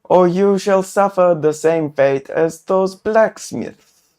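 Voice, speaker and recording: A man's voice: high voice, slow pace, a little mellow, voice pushed up. A man voicing a threatening robed male cultist with a staff, who barks out threats. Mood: menacing. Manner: menacing, barking.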